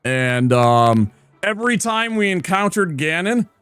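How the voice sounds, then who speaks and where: A man's voice: sits high, big pitch swings, measured pace, a bit bright, clear, resonant tone, no room sound, faint music behind. A man streaming and commenting on a game in a playful, teasing, chatty manner. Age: adult. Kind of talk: casual gameplay commentary.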